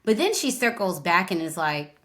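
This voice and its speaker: A woman's voice: fairly low pitch, very animated, normal speed, pushed and bright. A woman co-hosting a podcast, retelling scenes in a chatty way and acting out quotes in casual conversation. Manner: chatty storytelling, acts out quotes. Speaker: podcast co-host. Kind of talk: casual recap chat.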